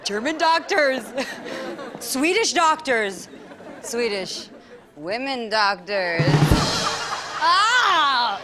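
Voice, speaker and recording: A woman doing a stand-up comedy act, laughing at her own jokes and filling the gaps with awkward pauses. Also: sits high, very animated, a crowd in the background. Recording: live stage with music and audience.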